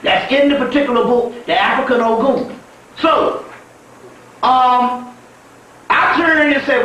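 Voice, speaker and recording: Very high-pitched man lecturing in an echoing hall. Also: measured pace, sharp tone. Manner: profane, emphatic, laughs often. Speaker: spiritual teacher. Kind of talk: profane, animated storytelling lecture. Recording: echoey room from far off, faint noise.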